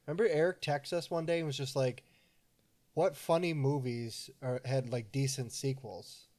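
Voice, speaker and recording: Laid-back male podcast co-host, thirties, mid pitch, casual cursing. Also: steady tone, moderate pace, a little mellow. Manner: laid-back, swears casually, trails off into low mumbles. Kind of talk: casual chat.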